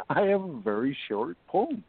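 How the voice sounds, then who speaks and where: A man's voice: fairly high pitch, sing-song, measured pace, creaky, breathy edge, dry recording. A man calling in to a radio show, bantering and laughing as he chats with the host. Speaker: caller, poet. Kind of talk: casual call-in chat. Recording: dry tinny phone line.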